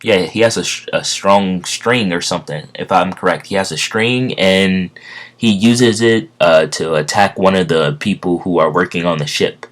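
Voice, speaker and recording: Guy with a low voice telling a story off the top of his head, keeps tripping on words and backing up. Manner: rambling, halting, frequent fillers and self-corrections; stumbles over words. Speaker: fan storyteller. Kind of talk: casual improvised story retelling.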